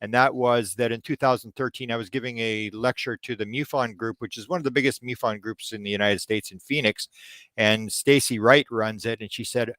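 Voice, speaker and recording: An older man from Canada, a ufology researcher telling stories in an interview, halting with fillers and then jumping high as he acts out his own disbelief. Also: fairly even intonation, a bit bright, dry recording. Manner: frequent fillers and restarts. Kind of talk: storytelling in a podcast interview.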